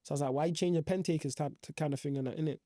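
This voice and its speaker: Fast-talking young man telling a story. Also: on the high side, steady tone, dark tone, dry recording, clean studio sound. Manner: slangy, rambling, full of fillers. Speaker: professional footballer guest. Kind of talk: casual storytelling.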